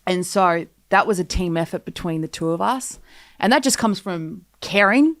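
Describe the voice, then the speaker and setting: A woman's voice: fairly low pitch, lively intonation, normal speed, dry recording, clean studio sound. A woman guest on a podcast, speaking earnestly and with emphasis in casual conversation. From Australia.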